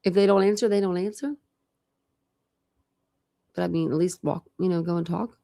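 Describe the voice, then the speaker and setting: Gravelly low-voiced woman chatting about a case. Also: fairly even intonation, normal speed, mellow. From Ohio. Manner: chatty, thinks aloud, reads transcripts aloud. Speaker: true crime channel host. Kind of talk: casual case discussion, reading out records.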